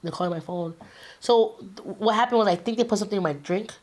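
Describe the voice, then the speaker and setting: A woman's voice: medium pitch, fast, darkish tone. A woman, telling a personal story as a guest in a casual, streetwise way with slang and swearing.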